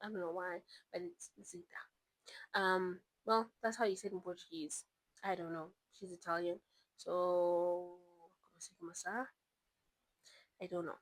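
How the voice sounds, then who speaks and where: A woman's voice: fairly low pitch, normal speed, dry recording, rough recording. Chatty young woman with a dry close sound. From South Africa. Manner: chatty, rambling, animated asides. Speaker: book vlogger. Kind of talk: casual chat.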